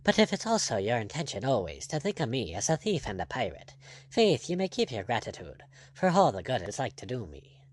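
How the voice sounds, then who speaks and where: Brief: man doing a proud Irish pirate captain, sardonic and lively in pitch. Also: a little fast. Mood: bitter. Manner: sardonic, brogue-laced retorts.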